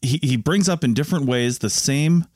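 A man's voice: mid-range voice, normal speed, a little mellow, dry recording, studio quality. A man co-hosting a podcast, chatting casually and skeptically, rambling and restarting his sentences. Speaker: podcast co-host. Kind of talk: casual chat.

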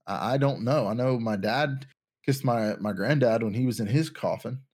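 A man's voice: medium pitch, moderate pace, a little mellow, husky. A young man co-hosting a casual podcast chat, rambling and thinking aloud with lots of restarts. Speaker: podcast co-host.

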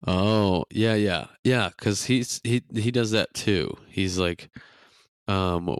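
A young man co-hosting a casual podcast, speaking slowly with a smooth, clear voice. He jokes around and laughs often. The sound is dry and close. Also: deep voice, fairly even intonation, no room sound. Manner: laughs often, jokey impressions. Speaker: podcast co-host. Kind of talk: casual chat.

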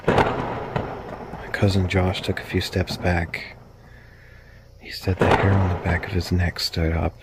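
A man slowly narrating a spooky true story, drawn out and hushed at moments. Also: low-pitched, level tone, heavy background noise.

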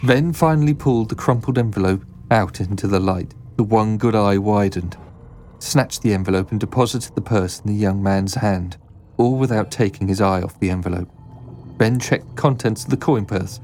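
A man reading a fantasy story aloud in a steady, descriptive storybook narration. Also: on the low side, normal speed, a little hiss or hum.

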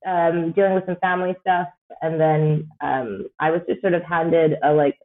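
A woman's voice: deep voice, fairly even intonation, normal speed. Canadian woman chatting over a tinny line. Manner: rambling, laughs often, many fillers. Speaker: podcast guest. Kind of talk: casual chat.

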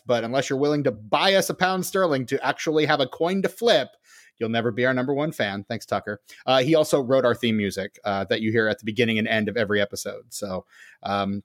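A man co-hosting a podcast in casual chat, joking and rambling with lots of fillers. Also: medium pitch. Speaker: podcast co-host.

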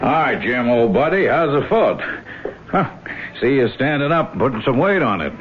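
A man's voice: medium pitch, sing-song, moderate pace, close to an everyday voice. A man playing a hearty, folksy hunting buddy who talks in a breezy, joking way, on an old radio broadcast. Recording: tinny old radio broadcast with faint hiss.

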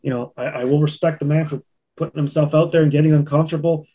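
A man with a slightly high voice, a guest on a podcast who runs a landscaping business. He talks frankly and casually, swearing and filling his sentences with "you know.". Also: steady tone, quick pace, breathy edge, narrow, tinny audio. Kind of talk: casual conversation.

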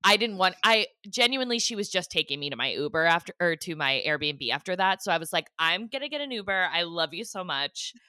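A woman co-hosting a podcast, telling an animated story in casual chat and laughing often. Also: on the low side, fairly quick, few pauses, dry recording, studio quality. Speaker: podcast co-host.

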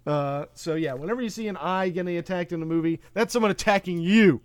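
A man with a high-pitched voice talks fast on a dry recording. Hosting a podcast, he recaps a film in a casual, rambling chat packed with fillers and asides.

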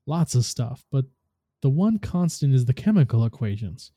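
A man voicing an excitable young woman tinkerer who talks in a quick, gushing way. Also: medium pitch, no room sound, clean studio sound. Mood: eager. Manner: gushing, then worried.

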